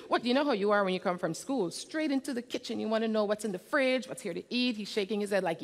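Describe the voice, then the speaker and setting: Lively woman telling a children's story. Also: on the high side, fairly quick. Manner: animated, often quizzes the children. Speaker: children's storyteller in a church service. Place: church sanctuary. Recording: reverberant church hall.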